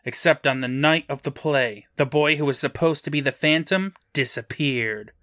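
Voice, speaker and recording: A man with a bright, forward voice recaps a TV episode for his podcast, dropping deadpan, crude jokes into the plot summary. The sound is close and dry, with no room around him. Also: a little high, moderate pace, dry recording. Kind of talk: casual recap narration with jokes.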